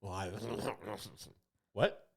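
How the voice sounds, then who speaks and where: Speaking extremely slowly with vocal fry, this fairly low-voiced man co-hosts a comedy podcast. His story wanders, broken up by frequent laughter and restarts, and he acts out other people's voices. A studio podcast microphone picks him up.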